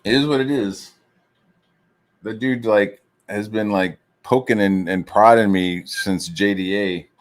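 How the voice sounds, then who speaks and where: A man with a very low voice rants casually as he works on comic pages. His talk rambles, loaded with profanity and filler words, loose and unscripted. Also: steady tone, unhurried. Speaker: streamer and comic artist.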